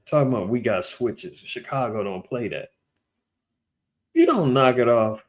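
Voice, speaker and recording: A man's voice: medium pitch, wildly swooping pitch, a little slow, pauses often. A man giving a casual, blunt and profane commentary on current events.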